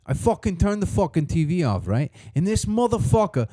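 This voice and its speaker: A man putting on a hot-tempered Italian American friend, swearing and rising toward a shout. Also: sits high, big pitch swings, a little fast, voice pushed up. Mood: furious.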